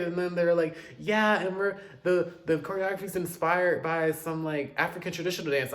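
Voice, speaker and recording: A man casually reviewing new pop releases, chatty and dramatic, with quick asides and loud outbursts. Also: a little high. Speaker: music reviewer.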